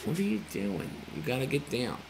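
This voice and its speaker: A man's voice: mid-range voice, big pitch swings, brisk. A man talking playfully to his cat and dog at home, cooing and baby-talking as he films them. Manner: coos and baby-talks to the pets, playful. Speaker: pet owner filming at home. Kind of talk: casual pet talk. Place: home room. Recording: home video with noise.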